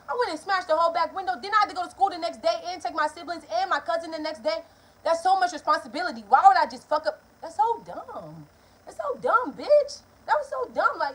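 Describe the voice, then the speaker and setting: A young woman, telling a story in a casual vlog, animated and profane. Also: high voice, a little hiss or hum. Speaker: vlogger.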